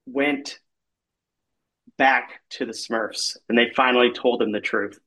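A man's voice: mid-range voice, steady tone, slow, bright, forceful tone, poor audio. A man improvising an absurd comic story, rambling and leaning on filler words. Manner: rambling, heavy use of filler "like".

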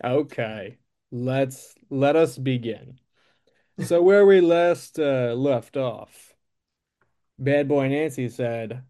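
A man's voice: medium pitch, drawn-out words, warm tone. A man improvising a comic story, with dry, wry asides. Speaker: co-player and timekeeper.

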